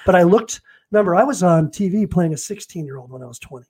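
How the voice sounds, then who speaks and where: Man, 50s, high pitch, energetic, real estate agent, storytelling interview guest. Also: fast talker, slightly rough. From Los Angeles. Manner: energetic, acts out phone calls and quotes.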